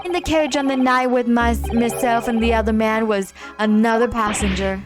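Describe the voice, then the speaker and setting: A woman voicing a shifty male witness in a put-on Southern drawl, speaking slowly and folksily. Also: fairly high pitch, steady tone, over music, lightly acted. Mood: folksy, evasive. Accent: put-on American Southern. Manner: slow, drawn-out folksy speech.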